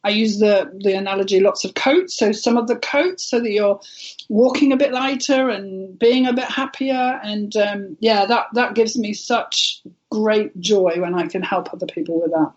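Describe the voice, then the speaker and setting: A woman's voice: mid-range voice, normal speed, dull audio. A woman speaking as a guest on an internet radio interview, telling her story in a heartfelt, earnest way. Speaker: guest, intuitive healer.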